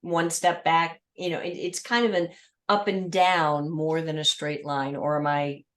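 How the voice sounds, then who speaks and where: A woman's voice: low-pitched, level tone, unhurried, a bit bright. A woman hosting a podcast, asking follow-up questions built from long lists of everyday examples. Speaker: podcast host. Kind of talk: conversational interview.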